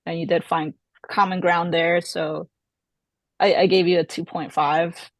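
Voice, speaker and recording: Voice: mid-range voice, flat delivery, unhurried, no room sound. A person hesitantly reading out scores and feedback on a sales call, with lots of fillers. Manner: hesitant, many fillers and likes.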